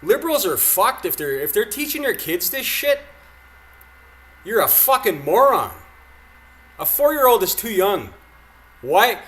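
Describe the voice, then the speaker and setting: A man's voice: high-pitched, very animated, a little slow, long pauses, a bit bright. A man from Canada reacting to news clips with angry, profane, mocking commentary.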